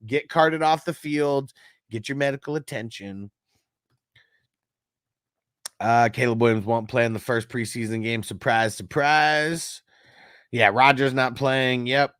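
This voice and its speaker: This fantasy football show host has a medium-pitched voice and a measured pace with frequent pauses. On his casual sports livestream he jokes, swears and laughs a lot while reading the chat out loud, all in an animated, profane manner. The recording is dry, with clean studio sound.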